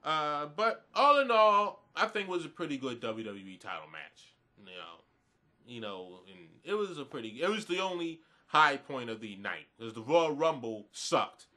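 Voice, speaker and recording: A man's voice: mid-range voice, big pitch swings, normal speed, pushed and bright. A man giving a blunt, profane, rambling review of a wrestling event in a casual rant, groggy this morning.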